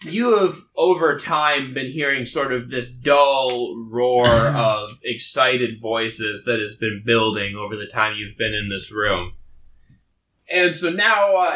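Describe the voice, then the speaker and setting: Male game master narrating a fantasy scene; slow, halting, bright voice. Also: mid-range voice, slight background noise. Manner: halting, full of fillers.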